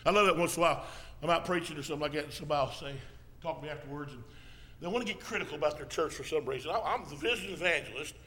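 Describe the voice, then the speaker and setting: A man preaching as an evangelist in a folksy style, now and then rising to a shout and coughing. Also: on the high side, very fast, a little hiss or hum. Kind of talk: sermon.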